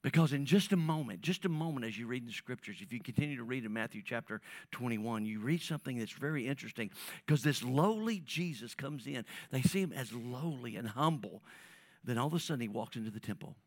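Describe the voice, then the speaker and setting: A man preaching a sermon as pastor, talking to the congregation in a conversational way, dropping to near whispers and rising to loud emphatic peaks, often repeating and restarting his words. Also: medium pitch, animated, fairly quick, dry recording, studio quality.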